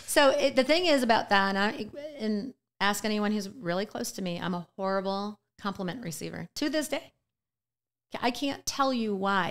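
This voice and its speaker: A woman guest on a podcast, a business and life coach, talking earnestly in a casual interview, slow and deliberate with many fillers. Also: medium pitch, fairly bright tone, clear, resonant tone. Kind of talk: casual heartfelt interview chat.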